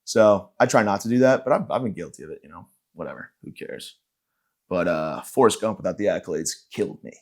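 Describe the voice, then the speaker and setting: A man's voice: low-pitched, expressive, fairly quick. A man hosting a comedy podcast, delivering a rambling, sarcastic, profane rant. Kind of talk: ranting comedic monologue.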